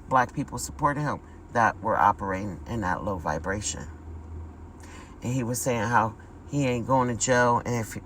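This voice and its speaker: A woman's voice: a bass voice, fairly bright tone, a little hiss or hum, poor audio. A woman giving a casual spiritual vlog monologue, talking emphatically, repeating words and calling her viewers y'all. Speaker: spiritual vlogger.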